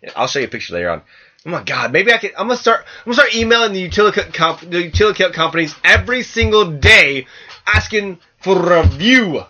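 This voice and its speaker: Very bright excitable podcast co-host. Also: male voice, sits high, quick pace. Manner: excitable, rambling, self-mocking. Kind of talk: casual comedic podcast banter. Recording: dull lo-fi podcast audio.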